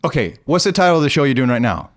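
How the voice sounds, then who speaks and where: A man's voice: mid-range voice, lively intonation, very fast. A man from Iran hosting a podcast, needling his guest in a teasing, playful way. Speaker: podcast host. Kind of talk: casual podcast chat.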